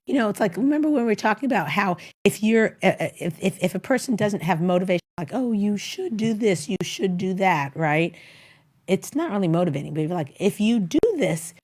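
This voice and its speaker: Animated and fast, a middle-aged talk show host with a medium-pitched, slightly mellow voice rambles casually through marriage advice. Along the way she performs little quoted exchanges of dialogue.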